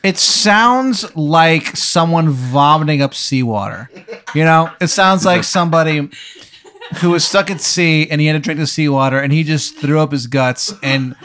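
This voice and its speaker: A man's voice: fairly high pitch, expressive, moderate pace, a bit bright. A man narrating a tabletop game as game master, rambling with crude, profane jokes.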